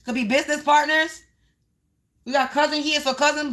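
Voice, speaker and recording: Female tarot reader on a livestream; high-pitched, bright tone, repetitive rhyming delivery aimed at the collective. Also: a little fast. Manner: repetitive, half-rhyming, talks to the viewers as the collective.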